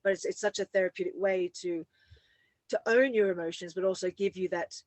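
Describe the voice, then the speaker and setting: A woman's voice: lowish voice, fairly even intonation, fairly quick, darkish tone, no echo. A woman who teaches fitness classes, hosting a casual chat and affirming what her guest says in a reflective way. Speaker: fitness instructor and host.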